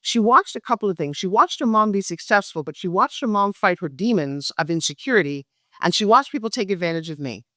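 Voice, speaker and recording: Brief: middle-aged woman guest, lively storyteller, mid pitch, dry close sound. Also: fairly quick, no echo. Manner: acts out quoted dialogue with lively pitch jumps. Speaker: guest, pitch expert and speaker. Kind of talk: animated storytelling interview.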